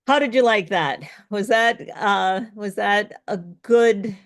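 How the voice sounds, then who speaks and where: A woman's voice: medium pitch, slow pace. A woman speech coach leading an online workshop, chatty and friendly, with frequent ums. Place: online video session.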